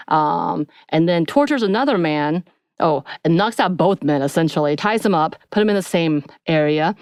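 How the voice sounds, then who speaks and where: A woman's voice: low voice, darkish tone, smooth, no room sound, studio quality. A woman co-hosting a podcast, casually recapping a TV episode in a rambling, storytelling way with filler words. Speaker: podcast co-host.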